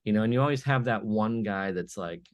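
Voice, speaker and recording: A man on a podcast as a guest, chatting casually and telling animated stories with little acted-out bits of dialogue. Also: lowish voice, brisk, dry recording, dull audio. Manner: animated storyteller who acts out little dialogues. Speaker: podcast guest, business owner. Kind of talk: casual conversation.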